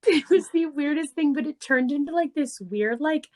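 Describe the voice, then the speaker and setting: A young woman in her twenties telling a story on a casual podcast, animated, laughing often and swearing freely. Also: high voice, moderate pace. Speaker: podcast co-host.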